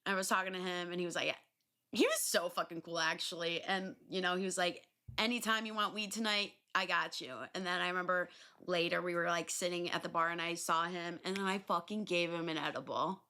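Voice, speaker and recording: A young adult woman hosting a podcast, telling stories in a loose, animated way, swearing freely and filling pauses with ums and likes. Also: fairly low pitch. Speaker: podcast host. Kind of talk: casual solo storytelling.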